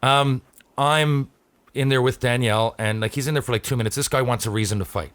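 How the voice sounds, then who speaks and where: A man's voice: mid-range voice, brisk, smooth. Swearing man telling a wild story. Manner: profane, animated anecdote-telling with many restarts. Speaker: podcast host. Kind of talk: casual storytelling chat.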